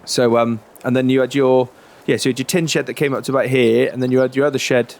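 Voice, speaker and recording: A man, chatting in a relaxed, rambling way during a farming game roleplay. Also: mid-range voice, fast, creaky. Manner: relaxed, chatty, many fillers and restarts. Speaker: roleplay creator.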